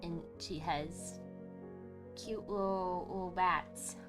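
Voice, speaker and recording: A young woman streaming a video game, gushing and excitable, swearing freely as she talks. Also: on the low side, takes it slowly. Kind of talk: gaming livestream commentary. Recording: faint game music behind.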